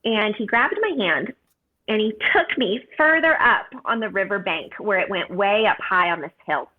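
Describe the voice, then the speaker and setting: A woman in her thirties recounts a personal story in an earnest, heartfelt way, dropping in frequent casual fillers. Her voice sits at an ordinary middle pitch for a woman. The sound is thin and narrow, like it comes over a phone line. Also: lively intonation, moderate pace. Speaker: podcast guest.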